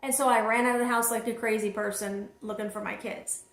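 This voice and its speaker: A woman telling a personal story to her viewers, animated and talking straight to them. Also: fairly high pitch, brisk, echoey room. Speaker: vlog host and single mother.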